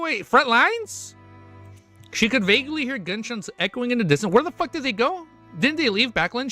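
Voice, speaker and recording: A man streaming live, reading a novel aloud and breaking off into excited, swearing reactions. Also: sits high. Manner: excitable, swears often, sudden loud outbursts.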